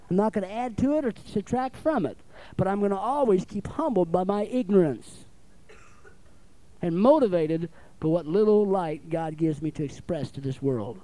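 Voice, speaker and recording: A man's voice: high-pitched, mellow, no room sound, rough recording. A man preaching a sermon in a folksy way, often calling out for an amen. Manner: folksy, calls for amens, acts out little dialogues.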